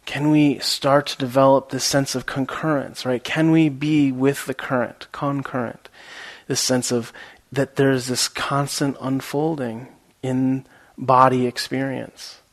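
Give me a man leading a meditation talk, gravelly and easygoing. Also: medium pitch, a little slow, hardly any pauses. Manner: relaxed, rambling, many fillers; laughs at his own story. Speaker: meditation teacher. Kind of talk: dharma talk with storytelling.

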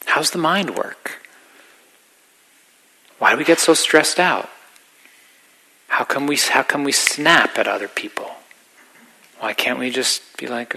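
A middle-aged man giving a gentle, reflective dharma talk as a meditation teacher, sometimes dropping to a whisper. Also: mid-range voice, lively intonation, unhurried, creaky, long pauses, breathy edge, rough recording.

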